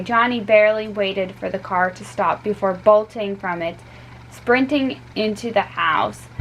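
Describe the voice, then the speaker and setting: A woman reading a chapter of a children's story aloud, unhurried, with small stumbles and restarts. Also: medium pitch, fairly bright tone, a little hiss or hum, rough recording.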